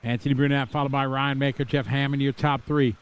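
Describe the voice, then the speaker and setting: A man's voice: medium pitch, level tone, fairly quick, clear, resonant tone. A middle-aged man from Wisconsin giving live, chatty commentary on a radio-controlled car race, rambling into asides between calls.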